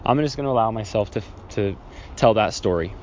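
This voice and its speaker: A man's voice: fairly low pitch, fairly quick, a little mellow, dull audio, a little hiss or hum. A man hosting a solo podcast, telling a childhood story in a rambling, self-correcting way and acting out scenes from it. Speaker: podcast host.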